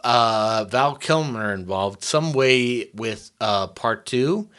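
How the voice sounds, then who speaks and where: A man co-hosting a podcast in casual chat, jokey and quick to laugh. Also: medium pitch, a bit bright, smooth. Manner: jokey, laughs often, drifts into mock bits. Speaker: podcast co-host.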